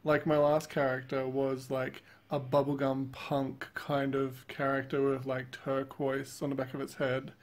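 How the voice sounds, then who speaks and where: Relaxed young male co-host, casual, laughs easily, mid pitch. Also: measured pace, few pauses. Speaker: channel co-host. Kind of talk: casual chat over a drawing video.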